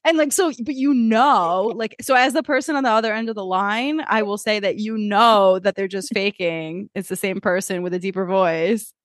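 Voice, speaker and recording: A woman's voice: mid-range voice, normal speed, hardly any pauses, dry recording, clean studio sound. A woman co-hosting a podcast, telling wry stories in casual chat. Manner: wry, storytelling with quoted voices. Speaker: podcast co-host.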